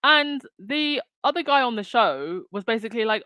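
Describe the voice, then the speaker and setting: A woman's voice: fairly high pitch, animated, normal speed, hardly any pauses, pushed and bright, no room sound. A woman hosting her own commentary channel, talking casually with lots of fillers and restarts. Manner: chatty, many fillers and restarts. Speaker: channel host.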